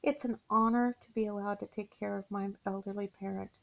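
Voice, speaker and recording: A woman's voice: medium pitch, fairly even intonation, vocal fry. A middle-aged woman vlogging from her mother's house, speaking in a weary, heartfelt way and sighing as she confides. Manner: weary, heartfelt, slow confiding talk with sighs. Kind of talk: personal confessional vlog. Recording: dull lo-fi home recording.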